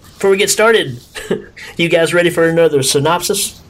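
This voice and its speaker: A man's voice: on the high side, moderate pace. A man co-hosting a movie podcast, jokey and often laughing in casual chat. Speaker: podcast co-host.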